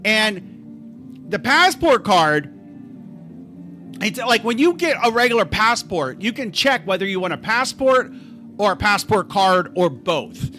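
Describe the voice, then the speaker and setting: Man, livestream host, high voice, lively rises and falls, rambling casual storytelling. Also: a little slow, long pauses, soft background music. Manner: rambling, animated, self-interrupting. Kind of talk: casual storytelling to a live chat.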